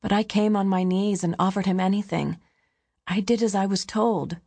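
A woman's voice: medium pitch, steady tone, normal speed, a little mellow, breathy edge, no room sound. Woman voicing a desperate boy prince. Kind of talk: audiobook character voice.

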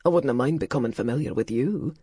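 A woman doing a cheeky roguish gentleman. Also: extremely low pitch, a little fast, slightly rough, no room sound, studio quality. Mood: flirting. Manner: wry, flirtatious.

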